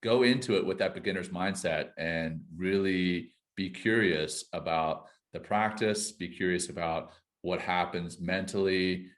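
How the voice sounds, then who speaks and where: Deep-voiced encouraging podcast co-host. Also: male voice, a little slow. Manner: encouraging, repeats short phrases. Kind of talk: casual chat.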